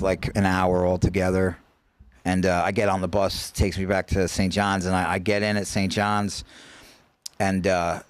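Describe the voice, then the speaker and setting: A man's voice: lowish voice, clear, resonant tone, no room sound. A man telling his story as a podcast guest, talking casually and profanely, with many restarts and stammered repeats.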